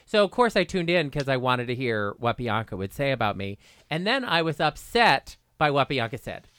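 A man's voice: medium pitch, very animated, moderate pace, a bit bright, clear, resonant tone, dry recording. A man chatting as a podcast guest, rambling and gossipy with self-mocking humor. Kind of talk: casual comedic chat.

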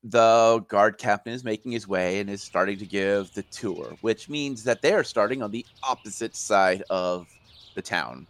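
Low-voiced man running a tabletop game. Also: normal speed, no room sound. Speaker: game master.

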